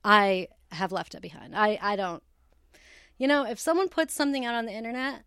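A woman's voice: medium pitch, a little fast, creaky, a bit bright, clear, resonant tone, dry recording, clean studio sound. Bubbly woman hosting a solo podcast. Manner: bubbly, chatty, laughs often. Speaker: podcast host. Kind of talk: casual solo podcast chat. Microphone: headphones with cable, home recording setup.

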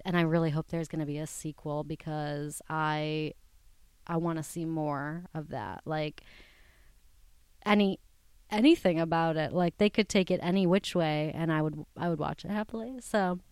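A young woman chatting casually on her own, bubbly and quick to laugh. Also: medium pitch, clear, resonant tone, no echo. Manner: bubbly, giggly, laughs often. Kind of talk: casual solo chat.

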